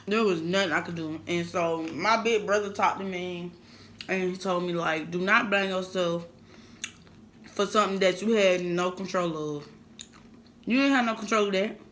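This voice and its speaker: A woman vlogger telling a painful personal story to camera in a halting, emotional way, holding back tears. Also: fairly low pitch, fairly bright tone, a little hiss or hum. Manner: emotional, halting, repeats herself.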